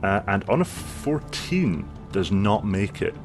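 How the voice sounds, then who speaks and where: A man running a tabletop game as game master, narrating the action in a vivid, relaxed way with many fillers. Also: on the low side, slow pace, over music.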